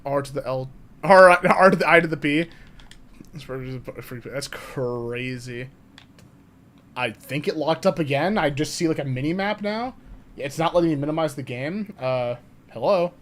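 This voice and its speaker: A young man chatting live on a game stream, excitable and swearing, laughing often and talking to his chat. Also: fairly high pitch, normal speed.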